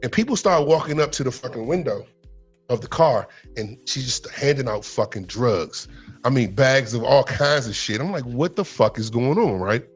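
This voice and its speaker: A man's voice: mid-range voice, lively intonation, normal speed, slightly rough, soft background music. A middle-aged man casually telling a rambling, profane story on a podcast, acting out the quotes in a rising voice.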